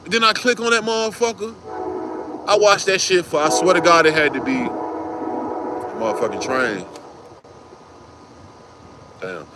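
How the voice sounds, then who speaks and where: A man's voice: on the high side, expressive, unhurried, long pauses, background noise. A man telling a wild personal story in casual street slang, cursing freely and acting out other people's voices.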